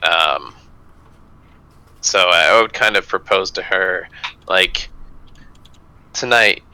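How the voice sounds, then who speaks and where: A man's voice: low voice, takes it slowly, gravelly, bright, forceful tone, clear, resonant tone, no room sound, rough recording. A man playing a tabletop game, thinking aloud hesitantly out of character. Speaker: player. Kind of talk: casual chat during a game.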